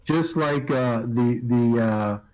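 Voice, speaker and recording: A man from New talks in a casual, wry way. He tells stories and swears lightly. His voice sits at an ordinary middle pitch. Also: slow, a little mellow, poor audio. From New York. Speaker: guest on a live stream. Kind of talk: casual chat.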